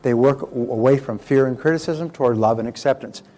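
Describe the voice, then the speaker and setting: A man's voice: mid-range voice, brisk, mellow. An older man giving a motivational talk in a conversational way, telling stories and repeating words as he goes. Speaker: motivational speaker.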